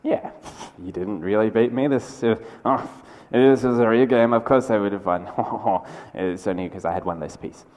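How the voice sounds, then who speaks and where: A boastful French chess master shrugs off a loss with a chuckle, as a keynote speaker puts him on. The mock accent is broad and hammy. The voice rings out in a lecture hall with a long reverb tail. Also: male voice, lowish voice, moderate pace, few pauses, a little mellow, lightly acted. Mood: smug. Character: smug boastful French chess champion, grown man.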